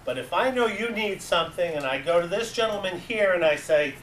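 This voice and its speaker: Lively New England man telling stories. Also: sits high, a little fast. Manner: animated, acts out voices in anecdotes. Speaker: club advisor giving a talk. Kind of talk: storytelling presentation. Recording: echoey room, distant mic, faint hiss.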